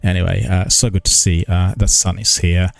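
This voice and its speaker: An older man talking on a live stream, slow and halting, with many pauses and restarts, careful formal pronunciation. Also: low-pitched, little pitch movement, gravelly, no room sound. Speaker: gaming news streamer. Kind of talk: casual live-stream chat.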